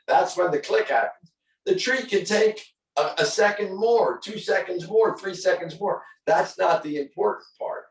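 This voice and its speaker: A slightly high male voice in a rough, reverberant recording guides a dog owner through drills over a call. He's firm, keeps correcting, and says his instructions again and again.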